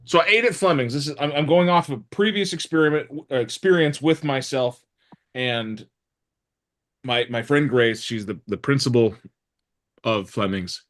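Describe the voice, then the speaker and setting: Lively man teaching a real estate class. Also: medium pitch, normal speed. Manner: lively, acts out dialogues, blunt jokes. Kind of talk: live training talk to a room.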